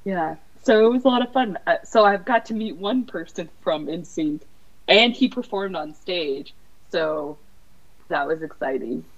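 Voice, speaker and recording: A woman guest on a podcast, telling excited fan stories in casual chat. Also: on the low side, unhurried. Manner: excitable fan storytelling with laughs. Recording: dull lo-fi podcast audio.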